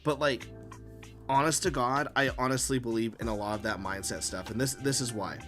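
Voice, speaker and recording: A man's voice: medium pitch, fairly quick, soft background music. Rambling, profane male live streamer. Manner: rambling and profane, with many fillers; animated storytelling, acting out his own quotes. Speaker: live-stream host and comic artist. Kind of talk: casual live-stream chat while drawing.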